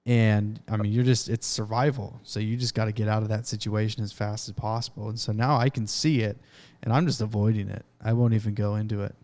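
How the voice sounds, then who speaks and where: A man co-hosting a podcast, speaking in a relaxed, matter-of-fact way with many fillers in a casual chat. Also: fairly low pitch, brisk. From California. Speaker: podcast co-host.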